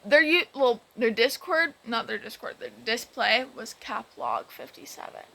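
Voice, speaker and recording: A woman's voice: a little high, animated, normal speed, gravelly, bright, forceful tone, rough recording. A woman vlogger retelling a game story in a rambling, exasperated way, with many restarts. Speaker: gaming vlogger. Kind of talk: casual storytelling about a game.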